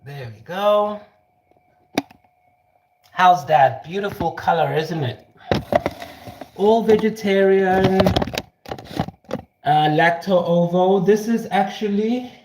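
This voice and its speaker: A man's voice: high-pitched, noisy background. Self-assured man talking in an echoey kitchen. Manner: animated, self-assured, drifts between prophecy and cooking asides. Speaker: spiritual teacher. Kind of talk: casual spiritual talk while cooking. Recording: roomy echo.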